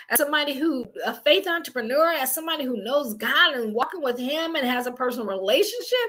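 Woman, high voice, energetic faith coach, casual preachy motivational delivery.

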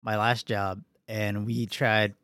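A man's voice: on the low side, level tone, slow, a bit bright, clear, resonant tone, no echo, clean studio sound. Profane, rambling young man podcaster. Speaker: podcast co-host. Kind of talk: casual chat.

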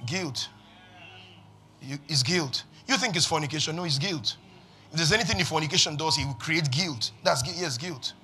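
A man preaching a sermon to a congregation with call-and-response, swinging from quiet to shouting. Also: a little high, normal speed, slight background noise. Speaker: pastor. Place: church with congregation.

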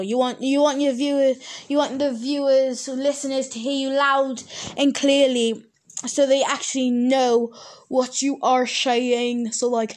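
Rambling woman podcaster, fairly high. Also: little pitch movement, unhurried. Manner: rambling, self-correcting, chatty. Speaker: podcast host. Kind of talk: casual solo podcast chat.

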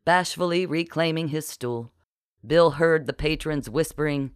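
An audiobook narrator reading a comic historical story with a wry, even delivery. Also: medium pitch, a little slow, clear, resonant tone, no room sound, studio quality. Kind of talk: scripted narration.

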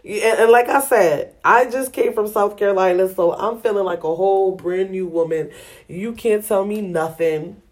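A woman hosts a podcast in casual chat, spinning a story with lots of slang and animated swings in her voice. She laughs easily and keeps the telling loose and lively. Her pitch sits in the ordinary middle for a woman. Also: moderate pace. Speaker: podcast host.

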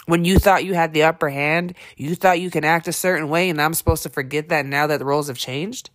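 A woman's voice: low voice, fairly even intonation, a little fast. A woman speaking on her podcast in a candid personal monologue. She is blunt and emphatic, swears often, and halts with many fillers and restarts. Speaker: podcast host.

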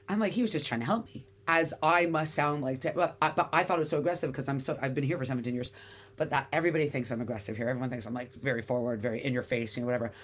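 A woman in her forties with a Canadian accent, chatting as an interview guest in a rambling way with many fillers and restarts. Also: low-pitched. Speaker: guest, bagel shop founder. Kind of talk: casual interview chat.

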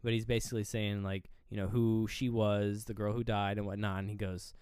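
A man's voice: on the low side, level tone, fairly quick, darkish tone, clean tone, no room sound, clean studio sound. A man co-hosting a casual movie review podcast, retelling scenes in a loose, rambling way full of fillers and acting out the characters' lines. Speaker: podcast co-host.

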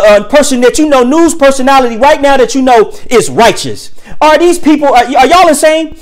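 A preacher talking to listeners in a casual, colloquial way, firing off rhetorical questions and slowing down to read scripture with emphasis. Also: medium pitch. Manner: reads scripture slowly and emphatically; casual colloquial speech with many fillers. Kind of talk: preaching to an audience.

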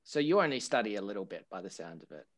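A man's voice: on the low side, very animated, quick pace. A man with an Australian accent hosting a casual interview, with dry, sarcastic humor and easy laughs. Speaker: podcast host.

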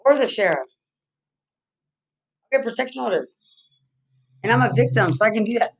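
A woman's voice: on the high side, lively intonation, moderate pace, vocal fry. A woman from Texas delivering an angry, rambling monologue full of repeated accusations and profanity. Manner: agitated, accusatory, repetitive, profane.

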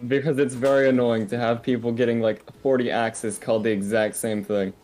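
A woman chatting calmly and matter-of-factly while playing a game on a podcast. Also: a bass voice, brisk, soft background music. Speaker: gamer on a podcast. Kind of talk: casual chat while playing.

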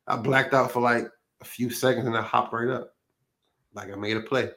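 A man's voice: mid-range voice, normal speed. A man co-hosting a podcast, talking casually and easily about his past, with a lot of fillers. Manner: relaxed, conversational, filler-heavy. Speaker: podcast co-host. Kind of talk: casual chat.

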